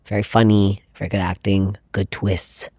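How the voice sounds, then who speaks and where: A woman comedian chatting as a podcast guest, loud and quick to swear and laugh. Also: very deep voice, level tone, slightly rough, dry recording, studio quality. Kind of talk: casual podcast chat.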